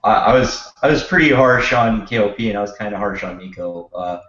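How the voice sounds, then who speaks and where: Man, nasal, rambling, low voice, echoey room, dull lo-fi sound. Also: brisk, fairly bright tone, a little hiss or hum. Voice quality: nasal, blocked nose. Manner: rambling, self-deprecating, swears freely. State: sick. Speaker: panelist. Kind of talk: casual voice chat. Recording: roomy, dull lo-fi voice chat.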